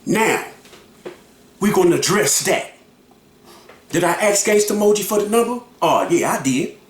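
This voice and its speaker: A man's voice: high-pitched, expressive, a little slow, reverberant. A man giving heated reaction commentary, emphatic and repetitive, acting out quotes in his own voice. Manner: emphatic, repeats himself, acts out quotes.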